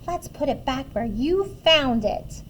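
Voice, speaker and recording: A woman's voice: sits high, lively intonation, unhurried, fairly bright tone, slight background noise. A woman voicing a tiny, sweet old woman who is easily startled but firm, exclaiming and scolding in a storybook reading. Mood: gentle. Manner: gasping exclamations, scolding when stern.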